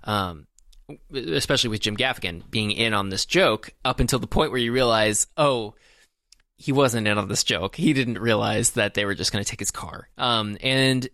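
Casting: male podcast co-host, bright and forward, dry close sound, loose rambling delivery full of uh and um. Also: fairly low pitch, moderate pace, no echo. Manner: rambling, many fillers and restarts. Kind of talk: casual movie discussion.

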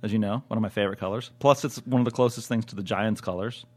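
An American man co-hosting a podcast rambles casually and fast, his low-leaning voice fairly even in intonation. He uses many fillers, restarts often, and laughs easily.

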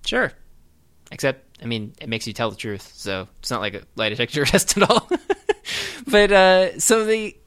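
A man's voice: medium pitch, expressive, moderate pace, a bit bright. A man co-hosting a podcast, chatting casually about a movie, rambling and laughing with lots of fillers. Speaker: podcast co-host. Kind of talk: casual movie-riffing chat.

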